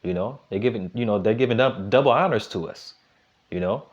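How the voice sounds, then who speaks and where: Middle-aged man teaching scripture, lo-fi. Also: fairly low pitch. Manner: checks in constantly with "all right?" and "okay?", reads verses slowly and louder. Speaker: Bible teacher. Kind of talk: street-style Bible teaching. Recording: dull lo-fi recording.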